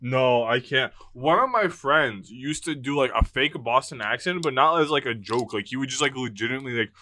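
A man's voice: medium pitch, animated, fairly quick, sharp tone, dry recording. A young man from New England co-hosting a podcast, chatting casually, laughing often and swearing a lot. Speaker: podcast co-host. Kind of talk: casual chat.

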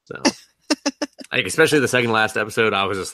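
A young man co-hosting a podcast in casual chat, rambling and animated, laughing often and swearing freely. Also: fairly low pitch, fast, long pauses. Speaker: podcast co-host.

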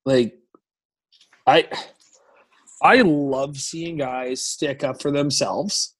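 A man in his thirties, a hockey goaltender, telling stories as a podcast guest in an animated, profane, rambling way. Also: mid-range voice, extremely slow, slightly rough. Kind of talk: casual podcast storytelling.

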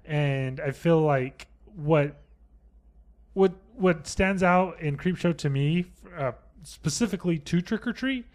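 A laid-back young man co-hosting a casual podcast, with a slightly high pitch for a man. He swears a lot and pauses to gather his thoughts on ums and uhs. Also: a little mellow. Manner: laid-back, swears often, hesitant with fillers. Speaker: podcast co-host. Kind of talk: casual chat.

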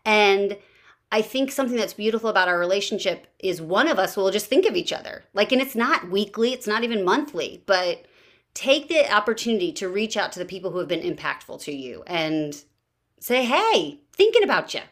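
Lively woman podcast host. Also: mid-range voice, fairly quick. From Baltimore area, US. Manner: lively storyteller, acts out quotes. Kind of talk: casual podcast conversation.

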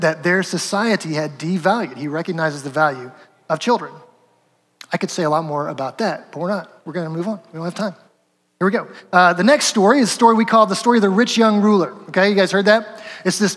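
Man, pastor, sermon, conversational, high-pitched, echoing hall. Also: fast talker, a bit bright. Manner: conversational, asks the congregation questions.

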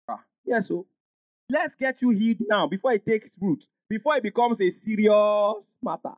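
A man preaching a sermon as pastor, emphatic, rising into shouts and call-and-response with the congregation. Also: sits high, expressive, moderate pace, no echo.

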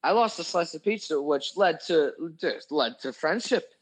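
A young man telling a crude, profane story in a casual chat, animated and full of swearing. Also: fairly high pitch, moderate pace, husky, poor audio. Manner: animated, crude, swears a lot, voices his own anger. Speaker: podcast host telling a story.

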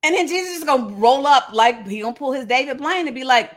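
A woman's voice: high voice, lively intonation, quick pace. A woman retelling a Bible story comically, with playful slangy asides and frequent laughs.

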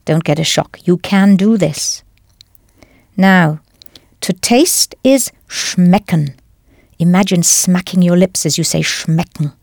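A woman teaching a language lesson in scripted narration, explaining patiently and clearly step by step. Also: lowish voice, slow, a little mellow, no echo, clean studio sound.

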